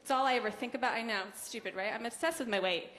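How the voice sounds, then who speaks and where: A young woman doing a stand-up comedy set with a deadpan, conversational delivery and quick asides to the audience. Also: on the high side. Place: comedy club stage. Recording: roomy club recording with noise. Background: audience laughter.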